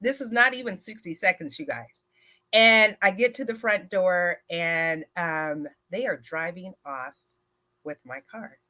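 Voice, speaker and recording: Bright-voiced woman telling a story. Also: lowish voice, a little slow. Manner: animated storyteller who speaks straight to the audience; frequent filler words. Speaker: speaker at a women's retreat. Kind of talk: personal storytelling talk.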